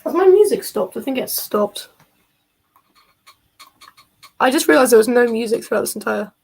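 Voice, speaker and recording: A woman chats on a live stream in a jokey, rambling way, and she often drifts off topic. Her voice sits fairly high, with gravelly fry and a husky edge. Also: animated, quick pace, darkish tone, poor audio. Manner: rambling, jokey, easily sidetracked. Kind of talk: casual live-stream chat.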